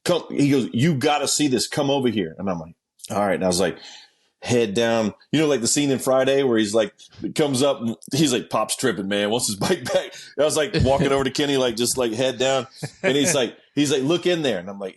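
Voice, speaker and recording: A man telling a story as a guest in a casual interview, acting out quotes with sudden jumps in pitch, swearing freely and laughing as he goes. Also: animated, a little fast, slightly rough.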